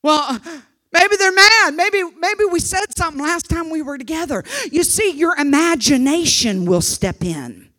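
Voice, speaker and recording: An older woman preacher delivers a sermon in a high, bright, ringing voice. She swings between fervent shouted exhortation and quiet, confiding asides. Her words often stumble and repeat as she presses each point. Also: animated, a little slow. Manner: drops to soft, confiding asides.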